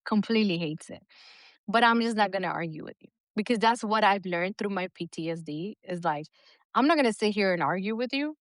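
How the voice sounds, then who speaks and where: A woman's voice: medium pitch, animated, a little fast, dry recording. A middle-aged woman co-hosting a podcast in casual chat, talking bluntly with plenty of swearing and frequent laughter. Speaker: podcast co-host.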